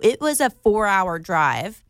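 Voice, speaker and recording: A woman in her thirties co-hosts a casual chat, sounding worn out but giggly. She tells her stories in an animated way. Her voice is recorded dry and close. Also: mid-range voice, takes it slowly, no echo. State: tired. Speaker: podcast co-host.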